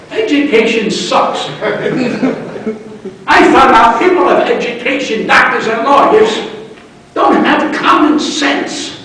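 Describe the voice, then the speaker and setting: A blunt old man in his eighties rants through comic stories, his fairly high voice jumping from shouts to mutters. He is heard from a distance in a very echoey room, with faint noise behind him. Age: 80s. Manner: blunt, ranting, swings between shouting and muttering. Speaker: comedian. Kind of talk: comic storytelling to a live room. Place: large echoey club room.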